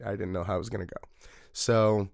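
With a fairly low pitch, a brisk pace and noticeable vocal fry, a Missouri political party committeeman tells a long, rambling story as a guest in a casual interview. The studio-quality audio has no room sound, and his relaxed delivery is thick with fillers.

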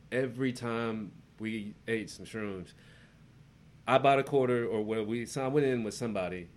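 A young man on a podcast telling rowdy stories in a casual chat, acting out the people in them. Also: a little hiss or hum. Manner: animated storyteller, jumps into high voices when quoting people. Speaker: podcast host.

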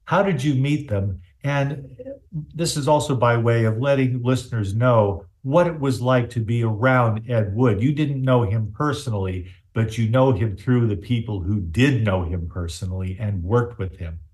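A man's voice: medium pitch, normal speed, darkish tone. Man host asking long, winding questions. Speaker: podcast host. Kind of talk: interview questions.

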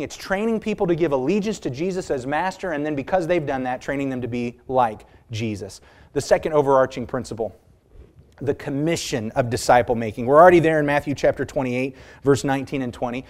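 Male preacher, slightly higher voice, emphatic sermon delivery with drawn-out key phrases and rhetorical questions. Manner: emphatic, stretches key words slowly and rises in pitch for stress; asks the congregation rhetorical questions.

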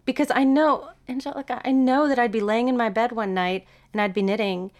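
A woman telling a story in casual chat as a guest, lively and laughing, acting out what people said. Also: a little high, a little fast. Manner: animated, laughing, acts out quotes.

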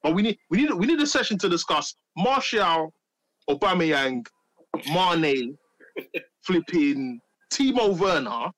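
Animated man in football banter. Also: high voice, slow. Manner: animated, teasing, slangy. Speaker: podcast co-host.

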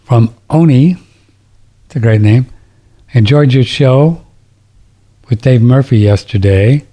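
A man's voice: mid-range voice, slow, warm tone. A middle-aged man hosting a talk radio show, rambling and indignant, often restarting his sentences. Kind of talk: casual talk radio monologue.

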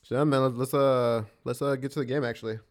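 A man's voice: medium pitch, fairly even intonation, fast. A man co-hosting a podcast, reacting casually with short profane exclamations. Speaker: podcast co-host. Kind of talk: casual chat.

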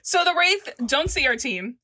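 A woman's voice: high voice, sing-song, normal speed, pushed and bright, dry recording, clean studio sound. A woman co-hosting a podcast, recapping a TV episode in casual chat with chatty asides and laughter.

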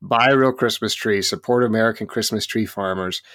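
A man with a fairly low voice co-hosts a podcast, ranting about his opinions between quick jokes. The sound is dry and close, with no room around it. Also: a bit bright, no echo. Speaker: podcast co-host. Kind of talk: casual chat.

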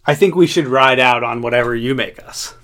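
A man's voice: medium pitch, fairly quick, a bit bright. A young man co-hosting a podcast, laid-back and crude, cracking dry jokes in casual chat. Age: young adult. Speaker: podcast co-host.

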